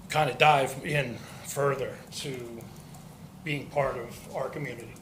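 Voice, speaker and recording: A man's voice: medium pitch, noisy background. Polite man at public comment. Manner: measured, polite, slightly hesitant. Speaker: resident speaking at public comment. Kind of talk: public comment at a council meeting.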